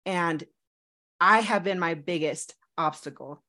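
A woman co-hosting a podcast in casual chat, telling stories in an animated, laughing way. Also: lowish voice, takes it slowly. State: engaged to be married. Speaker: podcast co-host.

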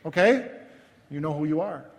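A male pastor preaches in a high voice, chatty and self-deprecating, often halting and restarting his phrases. His words ring out with a long reverb, as in a large hall. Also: expressive, vocal fry. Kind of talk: sermon.

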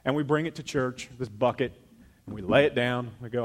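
A pastor preaching a sermon in a church, talking to the congregation in a conversational way that swings from loud emphasis to quiet asides. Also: male voice, mid-range voice, fairly quick. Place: church sanctuary.

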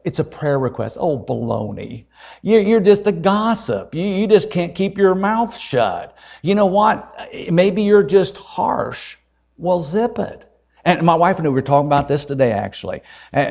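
Older male evangelist, folksy emphatic preacher, slightly high voice. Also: darkish tone. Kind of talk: sermon.

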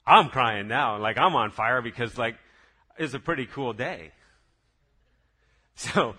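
A man telling his personal faith testimony in a casual, lively way, full of excited restarts. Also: on the low side, normal speed, slightly rough. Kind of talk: casual spoken testimony storytelling.

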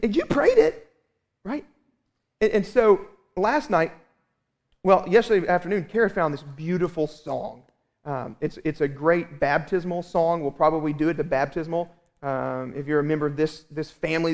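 A man in his thirties preaching a sermon as pastor, telling a family story with lively, animated asides. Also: fairly high pitch. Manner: animated storytelling, acts out his own exasperation.

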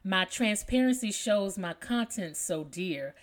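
A woman's voice: mid-range voice, animated, a little slow, close to an everyday voice. A woman voicing a proud, fragile crystal goblet in a read-aloud poem. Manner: proud, delicate.

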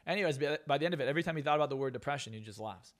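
A man's voice: on the high side, racing, a bit bright. A man who is a hypnotist and coach, guest on a podcast interview, talking bluntly and profanely with lots of emphasis.

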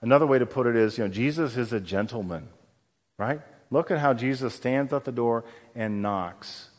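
A man's voice: mid-range voice, moderate pace. A man preaching a sermon as pastor, conversational and often asking his congregation questions. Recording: long hall reverb.

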